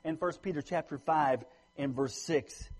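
A man from the United States preaching a sermon, swinging between loud emphatic lines and low quiet ones. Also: a little slow, poor audio. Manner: lively preaching, rising loud for emphasis then dropping low.

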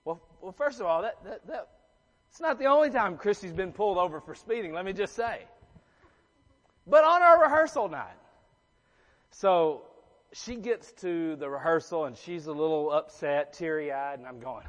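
High-voiced pastor in a reverberant church. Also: male voice, lively intonation, moderate pace, fairly bright tone. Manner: conversational, joking with the congregation, asks the room questions. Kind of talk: sermon. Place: church sanctuary.

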